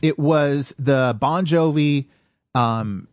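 A man's voice: on the high side, extremely slow, dry recording. A man in his forties from Michigan, hosting a casual podcast chat and telling stories with acted-out quotes. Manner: animated storyteller, acts out quotes. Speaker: podcast host.

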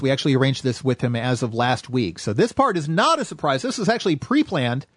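A man's voice: mid-range voice, sing-song, brisk, few pauses, fairly bright tone, no room sound. An American man hosting a casual podcast chat, rambling with lots of fillers and restarts. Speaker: podcast host.

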